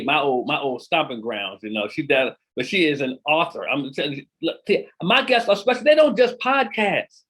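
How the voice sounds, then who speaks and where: Host, male, husky slightly high voice, excitable, repeats lines for emphasis. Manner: energetic, repeats himself for emphasis, hypes the guest. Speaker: podcast host. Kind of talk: casual interview chat.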